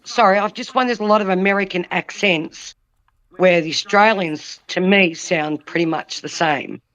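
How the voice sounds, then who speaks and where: High-pitched man chipping in with quick questions on a watch-along, dull lo-fi audio. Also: fairly bright tone. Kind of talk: casual watch-along chat.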